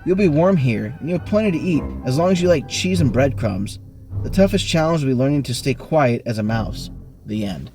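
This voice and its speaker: Man, game host, reads a choose-your-own-adventure aloud, mid-range voice, lively jumps in pace and pitch, faint music. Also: fairly quick. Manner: animated reading, bursts of speed and pitch jumps. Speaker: game host reading the book. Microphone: online voice call.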